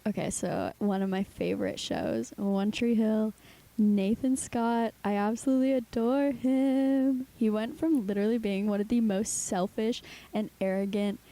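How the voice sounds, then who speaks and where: Young woman, mellow chatty podcast co-host. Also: medium pitch, lively intonation, unhurried. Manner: chatty, says "like" often, tired. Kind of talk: casual chat.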